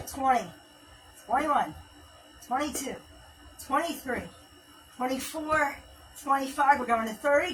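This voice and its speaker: A woman's voice: high voice, far from the mic, low-quality recording. Chatty woman counting workout reps live. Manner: chatty, counts reps aloud while exercising. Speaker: fitness livestream host. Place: home workout space, livestream.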